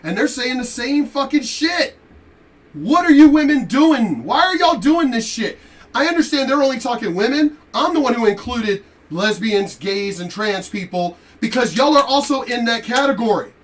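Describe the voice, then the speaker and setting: A man telling a story in a profane, animated rant while commenting on a reaction video. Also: very high voice, moderate pace, far from the mic. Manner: animated, profane, laughing asides.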